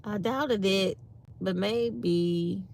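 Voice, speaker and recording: Tired, chatty woman with a gravelly voice. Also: mid-range voice, drawn-out words, a little mellow, a little hiss or hum. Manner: chatty, reads live comments aloud. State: tired and yawning. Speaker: channel host. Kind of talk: casual morning chat to viewers.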